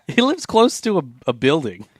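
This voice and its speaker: A man hosting a podcast, giving deadpan, mock-diplomatic answers in casual chat. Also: sits high, measured pace, no echo, studio quality. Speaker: podcast host.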